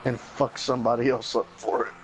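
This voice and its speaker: A man with a gravelly, creaky voice tossing in short teasing remarks from away from the mic. Faint music plays behind him. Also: mid-range voice, little pitch movement, brisk. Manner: brief teasing interjections.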